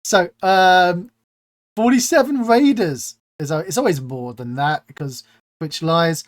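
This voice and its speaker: A host of an online interview stream, who chats in a playful, joking way. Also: medium pitch. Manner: chatty and playful, quick to joke. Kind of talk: casual interview chat.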